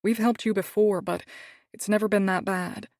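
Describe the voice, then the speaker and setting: A woman voicing a grumpy, controlling young man with a low raspy tone, speaking curtly in an audiobook. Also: steady tone, normal speed, darkish tone, no room sound, clean studio sound, natural voice. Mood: brooding. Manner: curt, commanding.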